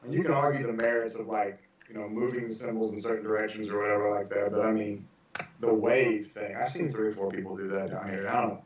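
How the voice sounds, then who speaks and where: A percussion instructor with a lowish voice and fairly even intonation talks fast on a podcast, rambling casually with plenty of fillers, especially "you know." The recording sounds echoey, distant and dull, with crowd noise.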